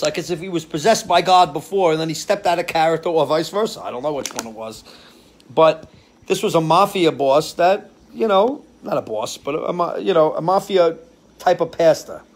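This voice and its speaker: A man hosting a casual live stream outdoors on his porch, chatting to viewers. He rambles from story to story and loses his place now and then. His voice sits a little high. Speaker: live-stream show host. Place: outdoors on a porch under a ceiling fan.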